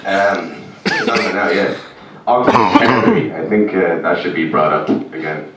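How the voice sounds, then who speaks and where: An Irish man doing a rambling, deadpan stand-up routine in a comedy club, breaking into sudden shouts and yelps. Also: sits low, normal speed, very noisy. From Ireland. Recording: echoey club, mic heard from a distance.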